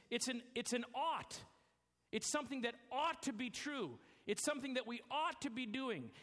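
A man preaching a sermon as pastor, emphatic, slowing down and dropping his voice low to stress key words. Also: bright, forceful tone. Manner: emphatic preaching, slows and drops low for weight. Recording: long hall reverb.

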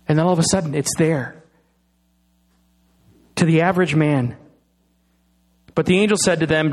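High-voiced preaching pastor, man. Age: middle-aged. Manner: dramatic pauses, slowing on key phrases. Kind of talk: sermon.

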